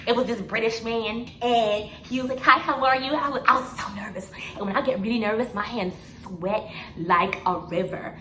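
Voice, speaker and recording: A young woman in her twenties casually telling a personal story to camera, animated and laughing often as she acts out what people said. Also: mid-range voice, moderate pace. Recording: echoey room with faint noise.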